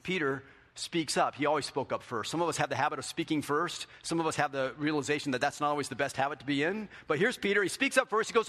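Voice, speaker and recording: A man preaching a sermon as pastor, animated, acting out the quotes in a raised voice. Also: a little high, fast. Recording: hall with long reverb.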